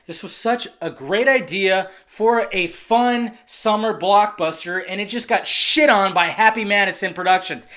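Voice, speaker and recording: Young movie reviewer ranting, swears a lot, goes from mumbling to yelling. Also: mid-range voice. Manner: profane and excitable, swinging from muttering to shouting. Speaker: film reviewer. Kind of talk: casual ranting film review.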